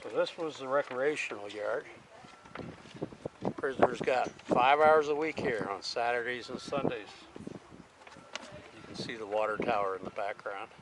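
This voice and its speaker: A man's voice: medium pitch, unhurried, long pauses, heavy background noise. A man vlogging a tour, chatting casually and telling stories with easy fillers, recorded outdoors on a handheld camera. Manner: easygoing, chatty storytelling with fillers. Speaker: travel vlogger. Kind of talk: casual vlog narration and tour commentary.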